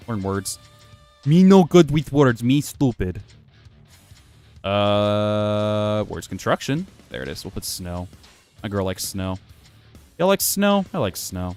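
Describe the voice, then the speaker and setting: Male gaming streamer, animated and rambling, self-deprecating and profane, faint music behind. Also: fairly low pitch. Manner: rambling, self-mocking, swears freely. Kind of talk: casual gameplay commentary. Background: faint music playing from his computer.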